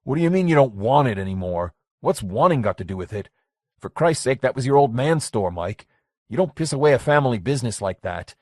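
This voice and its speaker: Man playing a blunt businessman in his forties, gruff, skeptical, dry close sound. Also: mid-range voice, lively intonation, fairly quick, a little mellow, no room sound, close to an everyday voice. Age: 40s. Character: blunt, skeptical middle-aged businessman friend.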